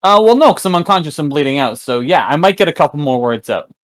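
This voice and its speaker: A man's voice: fairly high pitch, lively intonation, fast, no echo. A man playing a tabletop game, describing his character's actions in third person with a playful tone. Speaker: player.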